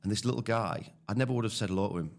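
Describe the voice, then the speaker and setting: A man's voice: fairly low pitch, very fast, creaky. A man with a northeast English accent, telling stories casually as a podcast guest, chatty and full of restarts. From northeast England. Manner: chatty, tells anecdotes with lots of "mate" and restarts. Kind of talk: casual storytelling.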